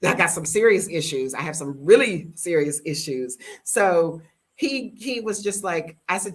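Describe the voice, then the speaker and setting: A woman's voice: on the low side, lively intonation, normal speed, husky. Blunt, emphatic American woman in her fifties. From United States. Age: 50s. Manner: emphatic, blunt, repeats words for stress. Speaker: vlogger living abroad. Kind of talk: casual storytelling rant.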